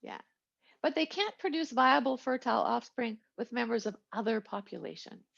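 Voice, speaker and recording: Female instructor, chatty lecture delivery, husky voice, dull lo-fi recording. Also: on the high side, animated, normal speed, fairly bright tone. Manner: chatty, digressive lecturing with asides and jokes. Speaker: biology instructor. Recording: lo-fi, muffled recording.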